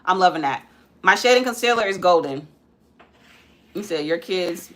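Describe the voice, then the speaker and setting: A woman's voice: on the low side, expressive, moderate pace. A young woman chatting casually through a live makeup stream, calling her viewers guys and breaking off to tell her kids to stop climbing on things. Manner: frequent ums while working. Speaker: makeup vlogger and mother.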